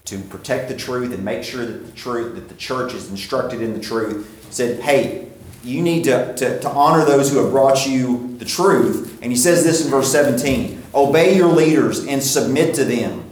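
A man preaching a sermon, asking questions and answering them himself, slowing down to stress key points. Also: mid-range voice, a little mellow. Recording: very echoey hall.

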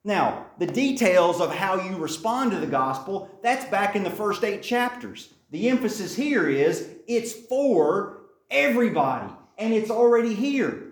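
A man's voice: sits high, sing-song, unhurried. Man teaching scripture, echoey room. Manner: reads scripture aloud then explains it, repeats key points. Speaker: Bible teacher. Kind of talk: Bible study teaching.

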